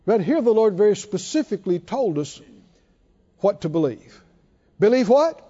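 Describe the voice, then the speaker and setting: A man's voice: high-pitched, very animated, normal speed, mellow. A man preaching a sermon emphatically, repeating and stressing words, his voice rising and dropping sharply. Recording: dull lo-fi recording in a reverberant hall.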